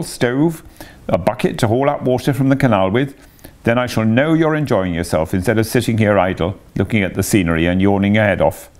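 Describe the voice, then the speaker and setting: A man's voice: on the low side, a little mellow, close to an everyday voice. A man voicing a large, hearty canal barge woman who talks in a bluff, friendly way. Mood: insistent.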